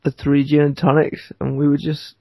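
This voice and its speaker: A man, a podcast co-host telling a rambling, animated story and laughing often. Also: fairly high pitch, moderate pace, no echo, muffled recording. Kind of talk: casual storytelling chat.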